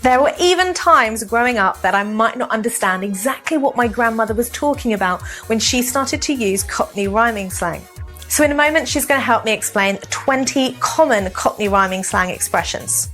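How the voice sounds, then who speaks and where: A woman teaches to camera, her voice sitting a little high. She explains each point in a clear and measured way. Faint music plays quietly behind her. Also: expressive. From south of England. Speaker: English teacher. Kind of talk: scripted lesson to camera.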